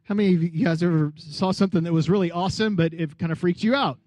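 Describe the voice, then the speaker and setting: A man's voice: sits high, fast talker, no echo. A man preaching a sermon as pastor, acting out Bible scenes and asking the crowd questions. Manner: lively, acts out Bible characters, asks the crowd questions.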